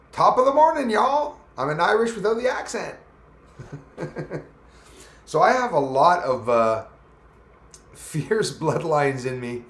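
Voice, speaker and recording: A man's voice: medium pitch, a bit bright. A man hosting a casual live stream, chatting loosely and greeting viewers by name as their comments come in. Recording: echoey room.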